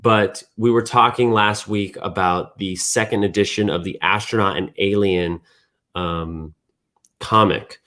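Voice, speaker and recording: Low-voiced man hosting a casual recap. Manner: thinks aloud, restarts and fillers, relaxed. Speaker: community news host.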